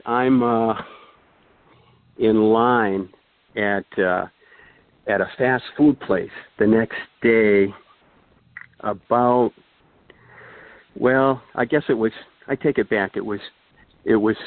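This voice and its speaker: An older man, on the low side in pitch, is a guest telling a long, casual anecdote that rambles, full of fillers and restarts. The recording is dry with no room sound, and its thin quality resembles a phone.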